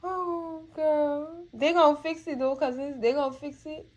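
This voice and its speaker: A woman's voice: high voice, steady tone, brisk, muffled recording. A woman hosting a casual TV recap, chatty and heartfelt, calling her viewers cousins and girl. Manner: heartfelt, moved to tears at times. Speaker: TV recap channel host. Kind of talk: casual TV episode recap and review.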